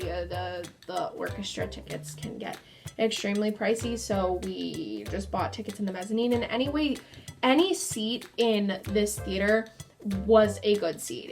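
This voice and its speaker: A young woman vlogger chatting through a storytime while she does her makeup, filling her talk with likes and ums. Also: medium pitch. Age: young adult.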